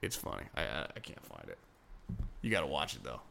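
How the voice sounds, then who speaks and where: Sports talk co-host: man, bright forward tone, loose and profane, meanders through his thoughts. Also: very deep voice, huge pitch swings, fairly quick, gravelly. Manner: rambling, profane, laughs often. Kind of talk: casual sports chat.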